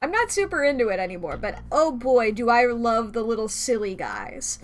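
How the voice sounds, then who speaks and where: A woman's voice: a little high, very animated, moderate pace. A young woman streaming a video game, rambling casually and laughing often. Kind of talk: casual gameplay chat.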